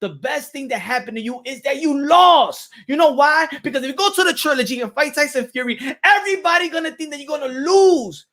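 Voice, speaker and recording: Emphatic, preachy high-voiced man. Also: expressive, fairly quick, few pauses. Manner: preachy, emphatic, repetitive, shouts at times. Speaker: boxing commentator and channel host. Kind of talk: animated monologue skit.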